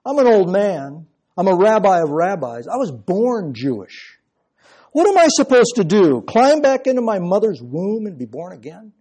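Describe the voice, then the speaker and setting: A preacher acting out a sarcastic proud old rabbi. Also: male voice, sits high, sing-song, unhurried, few pauses, warm tone, exaggerated voice. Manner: mocking, indignant.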